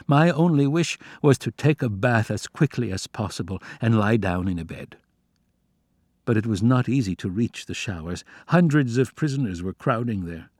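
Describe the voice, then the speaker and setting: Man narrating a memoir audiobook, somber and measured, dry close mic. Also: mid-range voice, a little mellow, no room sound. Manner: measured, somber, restrained delivery. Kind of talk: first-person memoir narration.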